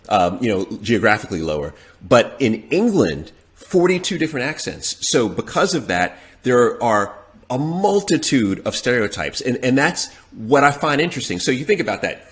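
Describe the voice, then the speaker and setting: A man speaks as a podcast guest in a somewhat low voice. His talk is casual and halting, with words doubled and tripled as he works toward his point. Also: a bit bright. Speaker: podcast guest, dating expert.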